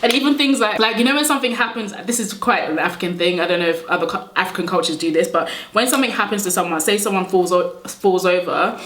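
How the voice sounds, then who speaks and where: A young woman from Nigeria, chatting and telling stories in a relaxed beauty vlog, laughing often. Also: medium pitch, quick pace, hardly any pauses, a little hiss or hum. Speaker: beauty vlogger. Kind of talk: casual storytelling chat. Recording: roomy echo.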